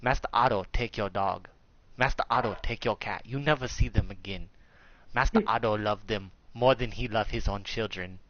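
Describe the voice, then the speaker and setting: A man's voice: on the low side, moderate pace, a bit bright, lo-fi sound, a little hiss or hum, lightly acted. A man voicing a menacing old male martial arts master who threatens in clipped, broken English.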